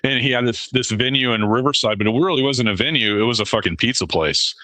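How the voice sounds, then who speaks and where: A middle-aged man co-hosting a podcast, halting and profane, often repeating words. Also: mid-range voice, pushed and bright, dry recording. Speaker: podcast co-host. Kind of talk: casual podcast chat.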